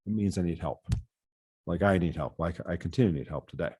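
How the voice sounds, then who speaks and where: A man's voice: low voice, fast talker, darkish tone, husky. A man from the US Midwest giving prepared testimony to a committee as a patient safety advocate, earnest and often repeating words as he goes. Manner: earnest, with frequent word repeats.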